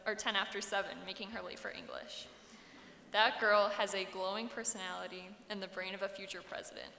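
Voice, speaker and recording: Bright-voiced teen girl, echoey hall. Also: mid-range voice, slight background noise. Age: teens. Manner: earnest, self-deprecating, upbeat. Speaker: salutatorian giving graduation speech. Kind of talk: prepared commencement speech. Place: large hall. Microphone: podium microphone. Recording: echoey hall with long reverb.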